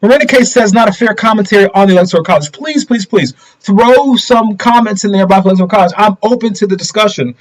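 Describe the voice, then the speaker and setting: A man's voice: high-pitched, quick pace, few pauses, low-quality recording. A middle-aged man hosting a casual political commentary livestream, talking straight to viewers and asking them rhetorical questions.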